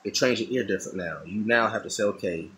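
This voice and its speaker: Man, middle-aged, lowish pitch, casual monologue, thoughtful, restarts phrases. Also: quick pace, fairly bright tone, a little hiss or hum, poor audio. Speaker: artist talking while drawing.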